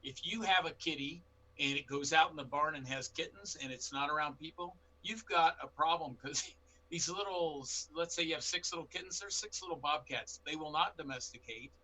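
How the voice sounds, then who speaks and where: Bright-voiced man telling bear stories. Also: fairly high pitch, normal speed, a little hiss or hum, rough recording. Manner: animated anecdotes with quoted dialogue. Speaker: bear expert guest. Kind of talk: storytelling in a panel interview.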